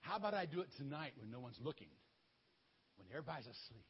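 Gideon, a timid, easily scared young man in a children's Bible story, talks nervously, as a preacher acts him out. His voice is high and lively, with a husky edge. The recording sounds dull and lo-fi. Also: moderate pace, exaggerated voice. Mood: hesitant. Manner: nervous, hesitant.

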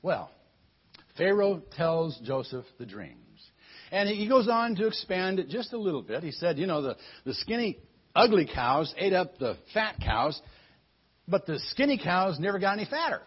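A man telling a Bible story in an animated way, often repeating words as he goes. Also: sits high, moderate pace, slightly rough. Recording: dull lo-fi recording.

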